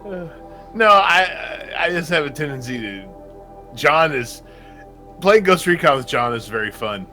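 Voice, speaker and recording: A man's voice: fairly high pitch, very animated, measured pace, bright, forceful tone. A man co-hosting a game stream, chatty and self-deprecating, reading comments from the chat. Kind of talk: casual banter on a game stream. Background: game music.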